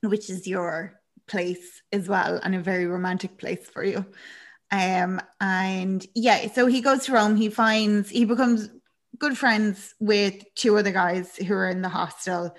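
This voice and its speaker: Speaking unhurriedly in a mid-range voice, this young Irish woman chats as a podcast co-host. She retells a film's story with lots of laughs, acting out the characters' lines in a lively, casual manner.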